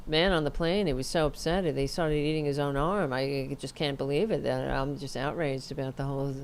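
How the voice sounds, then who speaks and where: A woman putting on the flat, emotionless voice of a woman official in a deadpan parody. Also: a bass voice, a little fast, smooth, voice pushed down. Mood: deadpan mockery.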